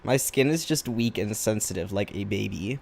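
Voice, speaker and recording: A fairly low, slightly mellow voice with vocal fry comes from this tired artist drawing on camera. He talks at a moderate pace, rambling casually and running himself down.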